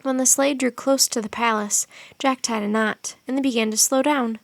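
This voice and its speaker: A woman narrating a children's chapter book aloud, reading in an expressive, steady way. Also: on the high side, normal speed, creaky, dry recording. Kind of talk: audiobook narration.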